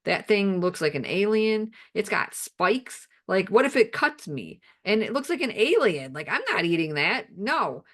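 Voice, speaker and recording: A woman's voice: mid-range voice, big pitch swings, measured pace, hardly any pauses, fairly bright tone. A woman playing a stubborn young girl refusing fruit. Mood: indignant.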